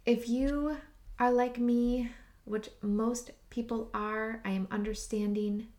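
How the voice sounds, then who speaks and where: A woman hosting a podcast, telling a personal story in a slow, heartfelt way that sometimes drops to a near whisper. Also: fairly high pitch, fairly even intonation, darkish tone. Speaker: podcast host and retreat leader.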